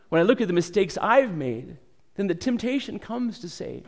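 A man's voice: sits high, lively intonation, fairly quick, big-room sound. A man preaching a sermon, reading scripture and then speaking earnestly, acting out quoted voices with rising intensity. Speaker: pastor.

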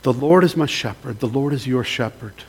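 Gentle male pastor leading a reflection. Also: mid-range voice, husky. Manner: gentle, pausing, invites the congregation to respond. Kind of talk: sermon with scripture reading and prayer.

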